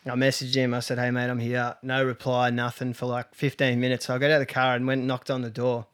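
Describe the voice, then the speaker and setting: A man's voice: medium pitch, completely flat delivery, quick pace. A young Australian man telling a rambling story on a podcast, swearing freely and laughing along. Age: young adult. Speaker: podcast co-host. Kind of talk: casual storytelling chat.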